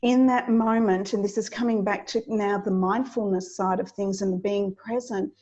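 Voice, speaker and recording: A woman's voice: medium pitch, steady tone, unhurried, few pauses, darkish tone, lo-fi sound. A woman podcast guest, a coach, speaking earnestly and from the heart about mindfulness in casual interview chat. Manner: earnest, heartfelt spiritual sharing.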